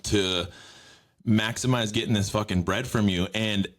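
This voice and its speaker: Man, podcast host, low voice, casual news riffing, profane, rambling. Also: steady tone, measured pace.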